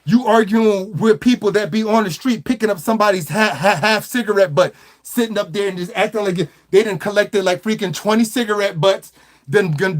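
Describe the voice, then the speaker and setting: A man delivering a mocking commentary rant, animated and teasing, often repeating words and breaking into laughter. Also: high voice. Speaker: online commentator.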